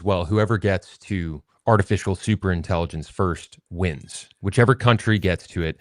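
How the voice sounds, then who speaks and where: A man hosting a podcast, talking in a steady, casual way as he reads a post aloud and explains it. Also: low-pitched, dry recording. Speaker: podcast host. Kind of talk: casual conversational discussion. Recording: dry close mic.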